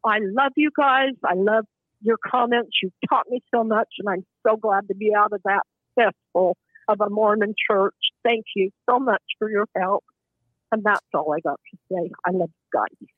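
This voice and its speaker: A woman in her seventies calling in to a show, speaking in a halting, impassioned way with bursts of anger. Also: mid-range voice, no echo. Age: 70s. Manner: halting, impassioned, angry outbursts. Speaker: caller. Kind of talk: emotional call-in testimony. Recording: tinny phone line.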